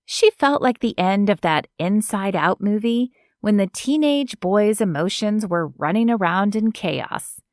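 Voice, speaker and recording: Slow, measured woman narrator. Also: medium pitch, lively intonation, a little mellow, no echo, studio quality. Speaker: audiobook narrator. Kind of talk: scripted narration.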